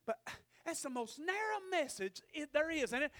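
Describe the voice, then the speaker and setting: A man's voice: extremely high pitch, sing-song, moderate pace, a bit bright. A male preacher giving a fervent sermon and calling out to the congregation for amens.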